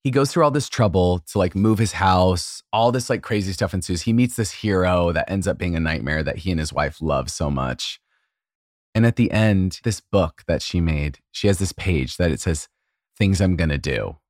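A man with a notably deep, low voice, co-hosting a relaxed podcast chat. He tells stories in an emotional, gushing way, stacking up "like" and other fillers. The sound is dry and close, with almost no room around it. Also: moderate pace, no room sound. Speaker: podcast co-host. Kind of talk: casual chat.

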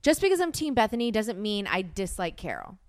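A woman's voice: medium pitch, big pitch swings, fairly quick, no room sound, clean studio sound. A woman in her thirties co-hosting a podcast, chatting casually and talking over her partner. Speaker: podcast co-host. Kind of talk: casual chat.

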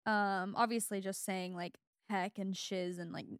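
A young adult woman with a Valley Girl accent and vocal fry, chatting casually as a podcast co-host with lots of fillers. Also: mid-range voice, fairly even intonation, a little slow, no room sound, studio quality. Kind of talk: casual chat.

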